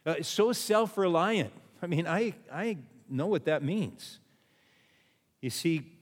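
Pastor preaching in a reverberant hall. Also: male voice, on the high side, lively intonation, slow. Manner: repeats refrains, asks the listeners questions. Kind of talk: sermon.

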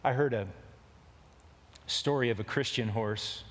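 Speaking at a measured pace in a medium-pitched voice, a man folds a rambling, jokey, folksy story into his sermon. A long hall reverb trails his words.

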